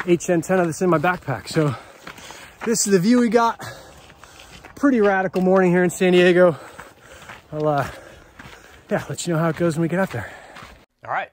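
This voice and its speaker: A man talking casually to the camera in a vlog, relaxed and chatty with filler words. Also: medium pitch, dry recording. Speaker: helium hotspot consultant.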